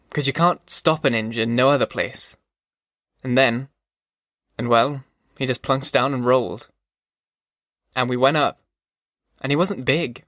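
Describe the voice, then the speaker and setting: A man's voice: medium pitch, a bit bright, dry recording, clean studio sound, lightly acted. A man voicing an old male army veteran who tells a haunted, folksy story around a campfire.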